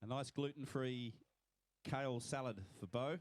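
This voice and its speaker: A man's voice: mid-range voice, fairly even intonation, moderate pace, dry recording. A man with an Australian accent, commentating live at a swim finish line and congratulating each swimmer by name.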